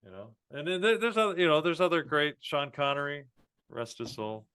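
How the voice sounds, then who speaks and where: A man's voice: on the high side, expressive, a little fast, pushed and bright, clean tone. A man co-hosting a live trading stream, chatting in a rambling way and laughing at his own jokes. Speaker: trading show co-host. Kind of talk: casual live-stream chat.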